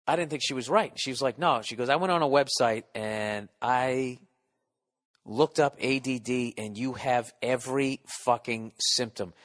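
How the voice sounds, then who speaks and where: Talking into a studio podcast mic fitted with a windscreen, a man in his forties hosts a show full of crude, self-deprecating comic rambling and over-the-top impressions of people. His pitch is medium and his tone fairly bright, with a big-room sound.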